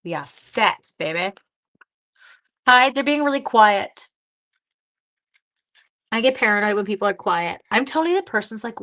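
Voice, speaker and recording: A woman's voice: medium pitch, sing-song, unhurried, long pauses, bright, forceful tone. Chatty woman hosting a craft livestream. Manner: chatty, greets and answers viewer comments while working; talks half to herself while crafting. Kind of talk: casual live-stream card-making demonstration.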